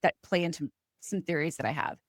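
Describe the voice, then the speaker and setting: A woman co-hosting a casual TV recap podcast, excitable and laughing often. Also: low voice, brisk, no echo, studio quality. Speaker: podcast co-host.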